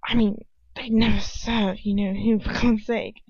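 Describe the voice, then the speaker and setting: A woman's voice: medium pitch, level tone, unhurried, a little mellow, husky, no room sound. A woman voicing an anxious young male wizard who mutters and repeats himself, with an English accent, in a dull, dry home recording.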